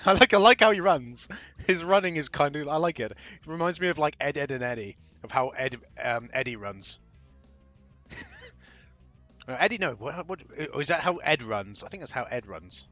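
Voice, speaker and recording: A man's voice: mid-range voice, expressive, moderate pace, fairly bright tone, lo-fi sound, faint music behind. A young man hosting his own gaming channel, chatting casually over a first playthrough, rambling and trailing off as he plays. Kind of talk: casual game commentary.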